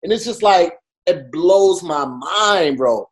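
A man co-hosting a podcast, talking in an animated, emphatic way full of fillers. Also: high-pitched, slow. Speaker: podcast co-host. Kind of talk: casual chat.

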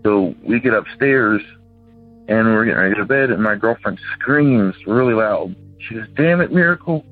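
A man's voice: lowish voice, normal speed, breathy edge. A man in his thirties, a caller rambling through a ghost story and acting out the voices of the people in it. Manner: rambling, acts out quoted voices. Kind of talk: casual phone-in storytelling. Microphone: phone. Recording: tinny phone line with faint music.

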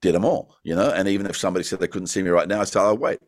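A man's voice: sits low, steady tone, racing, dry recording, clean studio sound. A middle-aged man with an Australian accent, a guest in a casual interview, rambling through his stories with lots of "you know" and laughs along the way. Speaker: actor guest.

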